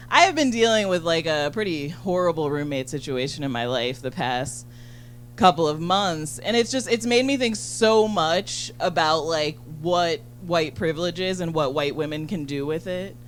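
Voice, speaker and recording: A woman doing a stand-up set on a club stage, chatty and bubbly, full of fillers and quick asides to the crowd. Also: lowish voice, slight background noise. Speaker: stand-up comedian. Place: comedy club stage in front of an audience.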